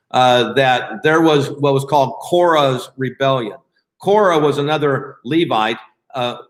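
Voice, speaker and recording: A man leading a Bible study in a casual, conversational way, often pausing with fillers and restarting his sentences. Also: medium pitch, reverberant.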